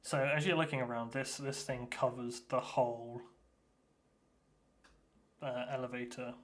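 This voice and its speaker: A man's voice: mid-range voice, level tone, a little slow. A man narrating as game master of a tabletop game, hesitant and full of fillers and restarts.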